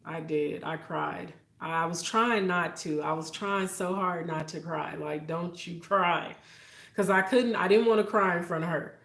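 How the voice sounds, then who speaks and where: A woman's voice: on the low side, a little slow, gravelly, a bit bright, reverberant. A woman hosting a casual livestream, chatty and heartfelt, talking straight to her viewers. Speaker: livestream host. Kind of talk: casual live-stream chat with viewers.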